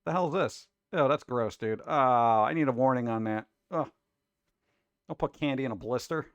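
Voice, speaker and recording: A man's voice: mid-range voice, normal speed, dry recording, highs cut off. A man hosting a casual reaction show about food videos, talking in an exasperated, wisecracking way.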